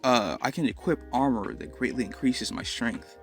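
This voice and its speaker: A man's voice: medium pitch, animated, moderate pace, vocal fry, faint music behind. A man voicing a nervous, earnest teenage boy hero who stammers eagerly.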